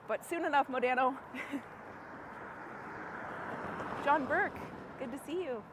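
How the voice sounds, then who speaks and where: Walking a city street at night, a woman hosts a casual live stream, chatting with viewers by name and laughing often, with traffic and street noise all around. Her voice sits high and she speaks slowly.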